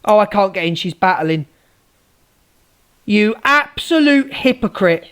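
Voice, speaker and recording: A woman's voice: mid-range voice, lively intonation, measured pace. A woman ranting angrily at viewers on a live stream, swearing and repeating herself.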